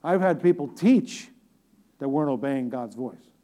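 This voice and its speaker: A man's voice: mid-range voice, animated, measured pace, dark tone. A man preaching a conversational sermon, talking directly to the congregation with repeated phrases and joking asides.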